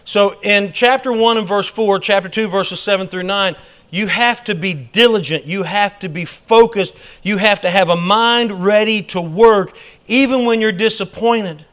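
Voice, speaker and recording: A man teaching a church Bible class in a preaching style, emphatic and dropping quick humorous asides. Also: sits high, a bit bright.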